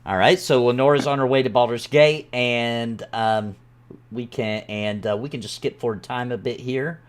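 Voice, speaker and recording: A man narrating a tabletop game as game master, relaxed and halting. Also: medium pitch, clean tone.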